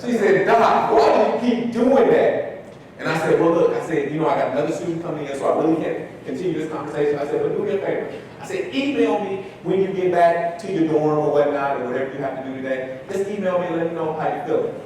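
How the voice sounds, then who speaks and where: A man giving a talk to an audience, telling a story in an animated way and acting out the dialogue. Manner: animated storyteller, shifts loudness, acts out dialogue. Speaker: speaker at an education talk. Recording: echoey hall, distant mic, faint rumble.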